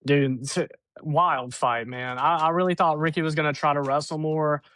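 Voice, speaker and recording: A man's voice: fairly high pitch, steady tone, normal speed, bright, forceful tone. A man co-hosting a fight podcast in casual chat, laid-back and hesitant, drawling through his thoughts. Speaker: podcast co-host.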